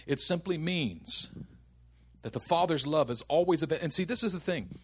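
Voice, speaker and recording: A man's voice: fairly high pitch, expressive, normal speed, fairly bright tone, slightly rough. A man in his thirties preaching a sermon, telling funny family stories and building to impassioned preaching. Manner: storytelling, humorous then building to impassioned preaching. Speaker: pastor.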